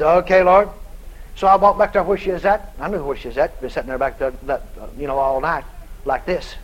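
A man preaching a sermon in a folksy, dramatic storytelling style, shouting out the lines he quotes. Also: a little high, low-quality recording. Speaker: evangelist preacher.

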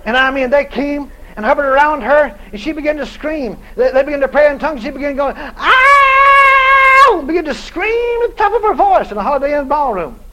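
A man preaching a sermon in a folksy, dramatic storytelling style, shouting out the lines he quotes. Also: very high-pitched, lively intonation, fast talker, hardly any pauses, poor audio. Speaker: evangelist preacher.

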